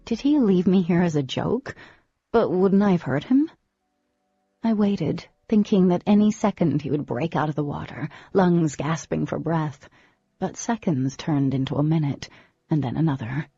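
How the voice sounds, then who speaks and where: Expressive husky-voiced woman narrator. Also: on the low side, no echo, highs cut off. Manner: expressive, dramatic storytelling. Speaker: audiobook narrator. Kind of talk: first-person audiobook narration.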